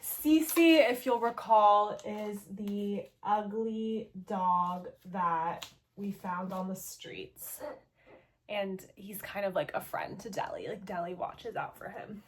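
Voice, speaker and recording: A woman's voice: mid-range voice, steady tone, slow. A young adult woman casually recapping a story game, gossipy and playful, saying "like" in almost every sentence.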